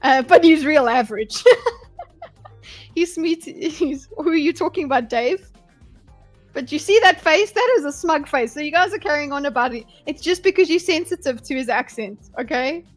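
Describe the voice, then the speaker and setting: A woman live-streams her breakdown of a debate, talking bluntly and animatedly and swearing freely. Her voice sits high. Faint music plays quietly underneath. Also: expressive, normal speed. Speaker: livestream host analysing a debate. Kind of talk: live reaction commentary.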